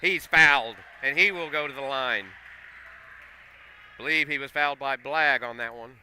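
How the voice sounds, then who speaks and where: A man calling a school basketball game play by play, getting excitable and loud on big plays. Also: mid-range voice, moderate pace, slight background noise. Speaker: play-by-play commentator. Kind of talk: live basketball commentary. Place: school gym.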